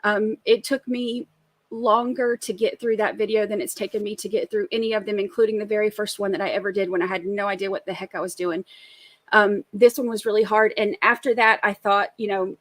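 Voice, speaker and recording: A woman's voice: mid-range voice, steady tone, a little fast, no room sound. A middle-aged woman, co-hosting a casual live recap show, chatty and emphatic. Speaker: co-host of a trial recap show. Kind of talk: casual live-stream chat.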